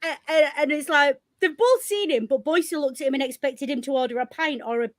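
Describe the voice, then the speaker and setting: A woman with a Yorkshire accent, co-hosting a casual podcast chat, lively and blunt, laughing often and swearing freely. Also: high voice, fairly quick, no echo. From Northern England. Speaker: podcast co-host.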